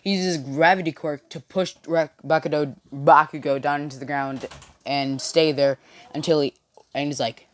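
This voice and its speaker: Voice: mid-range voice, fairly even intonation, moderate pace. A young storyteller casually retelling a fan-made anime story from a bedroom, rambling and restarting, with constant "you know" fillers. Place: own bedroom with friends nearby.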